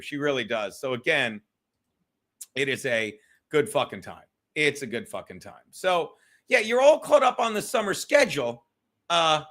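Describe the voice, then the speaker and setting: A man hosts a loose solo livestream from home, swearing freely and chatting straight to his viewers. His voice sits high for a man. It has a bright edge. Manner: loose, profane, rambling, talks to chat. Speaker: livestream host. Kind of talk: casual solo livestream chat. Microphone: streaming setup.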